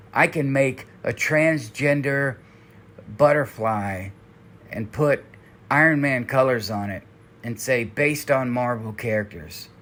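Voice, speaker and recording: A man's voice: medium pitch, a bit bright. A man hosting a commentary vlog, ranting in a heated, exasperated and profane way. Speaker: commentary channel host. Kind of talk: angry commentary rant.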